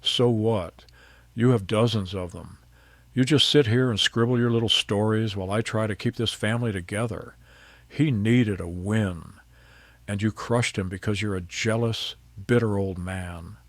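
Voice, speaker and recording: A middle-aged wife yelling accusations, shrill and enraged, as a male narrator puts her on. The voice is gravelly and close, with no room sound. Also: moderate pace, no room sound, lightly acted. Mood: angry.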